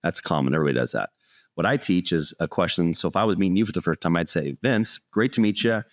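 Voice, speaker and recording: A middle-aged man, a sales speaker, telling a personal story in an earnest, animated way during an interview. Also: low-pitched, rapid-fire, dry recording, studio quality.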